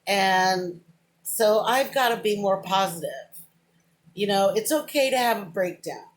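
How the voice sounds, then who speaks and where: A woman's voice: medium pitch, unhurried. A middle-aged woman rambling to a close camera in a casual, emotional vlog monologue, drifting between thoughts with "but anyway". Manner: rambling, self-described, wanders off and says "but anyway"; emotional, openly talks about crying. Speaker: vlogger. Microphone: camera close to the face, within arm's reach.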